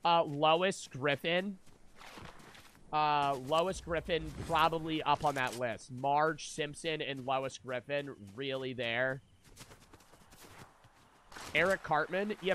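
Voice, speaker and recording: A man's voice: on the high side, expressive, a little slow, fairly bright tone, slight background noise. A man live-streaming a video game, chatting casually with viewers and swearing freely as he rambles. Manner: profane, rambling, talks to chat.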